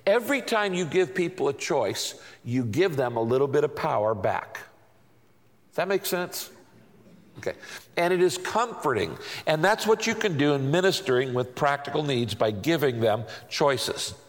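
A male pastor gives a sermon in a fairly high-pitched, sing-song voice at a moderate pace. He keeps an emphatic, repetitive teaching rhythm and repeatedly poses rhetorical questions, all under long hall reverb.

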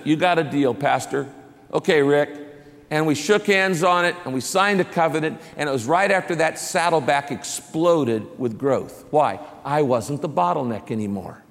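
A man's voice: on the high side, a bit bright, long reverb tail. A man preaching a sermon as a pastor, telling stories with humor and building to emphatic preaching.

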